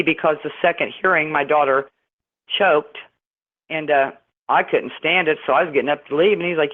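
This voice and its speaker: A woman's voice: low-pitched, normal speed. Indignant woman on a tinny phone line. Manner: rambling, indignant, many restarts. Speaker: guest caller. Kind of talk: phone-in interview storytelling.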